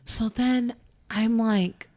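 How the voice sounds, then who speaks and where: A woman's voice: fairly high pitch, very slow. A woman co-hosting a podcast, telling a story in casual chat with lots of laughing and acted-out quotes. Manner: animated, laughing storyteller who acts out quotes. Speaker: podcast co-host.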